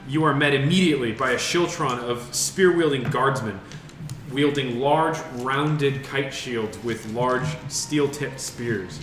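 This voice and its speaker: A man's voice: medium pitch, measured pace, fairly bright tone, slight background noise. A man narrating a tabletop game as game master, describing scenes with frequent fillers. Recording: roomy echo with music behind.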